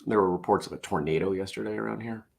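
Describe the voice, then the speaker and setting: Man, low gravelly voice, tired, wry, self-deprecating, casual morning chat host. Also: fast talker. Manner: wry, self-deprecating, chuckles at own jokes.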